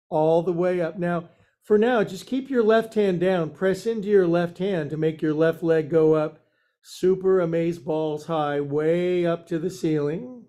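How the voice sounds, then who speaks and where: A man guides a yoga class, cracking jokes between his cues. He talks slowly, in a fairly high voice with a soft, mellow tone. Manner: joking, playful cues. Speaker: yoga teacher. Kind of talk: guiding a live yoga class.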